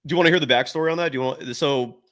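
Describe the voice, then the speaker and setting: A man hosting a live postgame basketball talk show from his home, an animated storyteller who acts out quotes. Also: medium pitch, very fast. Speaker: show host.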